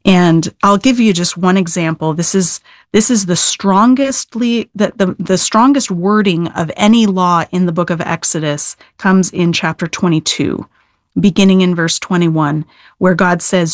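A woman's voice: lowish voice, unhurried, dry recording, studio quality. A middle-aged woman Old Testament scholar being interviewed, explaining scripture earnestly with emphatic stress and frequent restarts.

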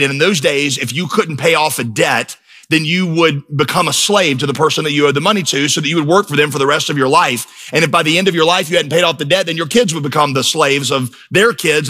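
A man's voice: on the high side, pushed and bright. A middle-aged man preaching a sermon in a church, emphatic and storytelling, building to intense peaks. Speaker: pastor.

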